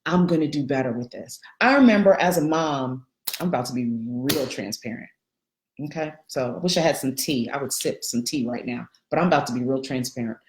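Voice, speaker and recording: A middle-aged woman giving an animated live coaching talk, greeting viewers by name. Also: rumbling low, fairly quick, echoey room. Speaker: life coach.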